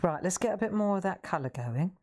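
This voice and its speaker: A woman's voice: lowish voice, lively intonation, a little fast, a little mellow. A woman hosting a live craft demonstration, chatty, self-deprecating and reassuring as she paints. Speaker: craft host.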